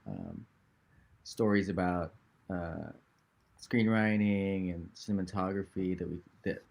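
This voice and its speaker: A man's voice: low voice, creaky. Friendly man on a video call. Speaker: guest. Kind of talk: casual chat. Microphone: video call with headphones.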